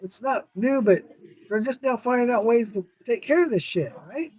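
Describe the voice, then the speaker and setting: A man with a notably high voice, chatting casually on a podcast. He tells stories with lots of energy, swears freely and breaks into laughs along the way. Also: normal speed. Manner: animated storyteller, swears freely, laughs often. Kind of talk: casual chat.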